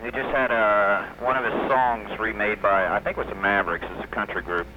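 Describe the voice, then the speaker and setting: A man's voice: lowish voice, steady tone, fairly quick, background noise. A man calling in to a radio show, talking in an offhand, indifferent way over a fuzzy phone line. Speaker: caller. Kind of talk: phone call-in.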